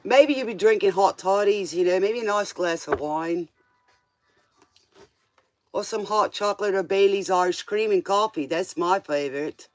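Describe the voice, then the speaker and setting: A man's voice: high-pitched, moderate pace. A man doing a casual tarot reading, chatty and playful, with joking asides. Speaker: tarot reader.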